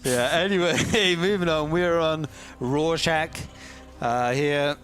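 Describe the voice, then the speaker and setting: Joking bright-voiced male caster. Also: a little high, slow. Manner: joking, playful. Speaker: esports caster. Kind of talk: live game commentary.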